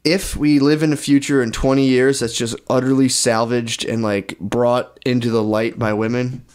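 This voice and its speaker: A man's voice: mid-range voice, level tone, normal speed, a little mellow, smooth. A man co-hosting a comedy podcast, chatting casually with lots of swearing, rambling asides and laughter. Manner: profane, rambling, laughs often. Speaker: podcast co-host.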